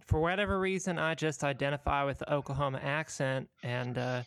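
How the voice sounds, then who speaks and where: Man from utah, podcast co-host, casual chat, dry close sound, halting and reflective. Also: a little high, clear, resonant tone, dry recording. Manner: relaxed, reflective, halting with fillers.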